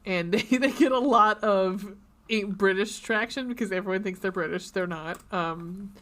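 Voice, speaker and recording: A woman's voice: medium pitch, normal speed, a bit bright. A woman with a mid-range voice co-hosting a casual book podcast. She rambles through her stories, full of ums and restarts, in an easy conversational way. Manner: rambling, many fillers and restarts. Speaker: podcast co-host. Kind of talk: casual chat.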